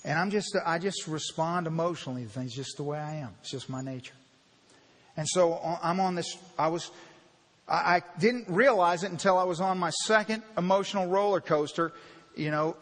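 In a church sanctuary, a pastor preaches a candid, conversational sermon from the pulpit, sharing his heart. His fairly high voice rings out with a long, lingering reverb, and his heartfelt, confessional delivery starts gently before pushing into emphatic, louder bursts.

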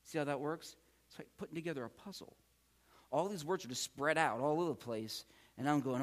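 A man's voice: fairly high pitch, fairly quick. A man giving a patient, encouraging classroom lecture as a Greek teacher, often repeating key words. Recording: long hall reverb.

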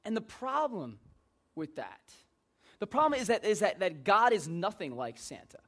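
A man's voice: high-pitched, very animated, normal speed, fairly bright tone. A man preaching an informal sermon in a joking, conversational way.

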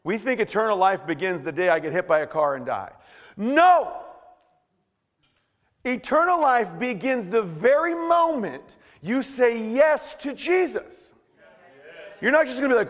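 A man preaches a sermon with a lively, sweeping voice that rises high and drops low. He moves from quiet, slow lines to loud bursts. His voice rings out with a long reverb in a big hall. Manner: animated preaching, swings from hushed to shouting. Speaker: pastor.

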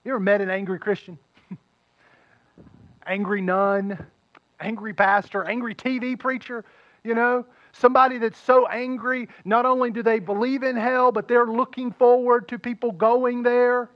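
A man pastor preaching a sermon, retelling a story with animated delivery and acting out the characters' voices. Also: very high-pitched, moderate pace, no echo, highs cut off.

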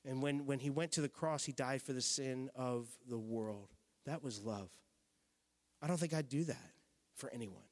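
Conversational preacher man in a reverberant hall. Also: mid-range voice. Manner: conversational, emphatic, drops to hushed intensity. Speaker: pastor. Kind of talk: sermon. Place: church sanctuary.

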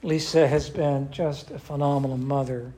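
A man's voice: mid-range voice, fairly even intonation, moderate pace, dark tone, slight background noise. An older man, a pastor, teaching a church class in a conversational way and asking the group questions.

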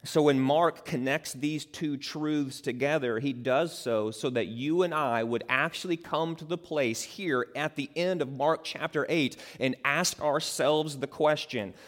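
A male pastor preaching a sermon, moving from a quiet prayer to emphatic, rising preaching. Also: a little high, unhurried, few pauses. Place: church. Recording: long reverb of a large hall.

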